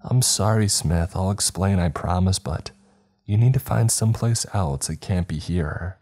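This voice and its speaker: A man's voice: low voice, unhurried, warm tone, voice pushed up. A man voicing a frightened young woman student who pleads through sobs. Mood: tearful pleading. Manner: pleading, sobbing.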